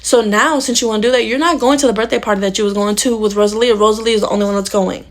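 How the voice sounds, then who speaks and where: A woman playing a fast-talking scolding adult. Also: fairly high pitch, steady tone, natural voice. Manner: blunt, scolding, lecturing. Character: stern fed-up adult woman laying down rules. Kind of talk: comedy skit role-play.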